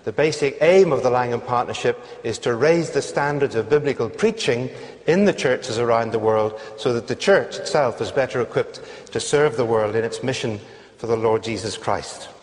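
A man with a Northern Irish accent, a guest preacher giving a sermon in a gracious, measured way with frequent fillers. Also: mid-range voice, a little mellow. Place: large church sanctuary. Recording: church sound with long reverb.

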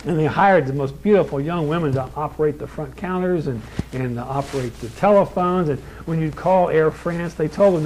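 A man delivering a sermon with a slightly raised pitch and a plain American voice. He stacks phrases with rising emphasis and slows deliberately on key points. A faint hiss sits behind him. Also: darkish tone, poor audio. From born in Kentucky, raised in California. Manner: emphatic, builds lists with rising stress, slows down for key lines. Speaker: preacher.

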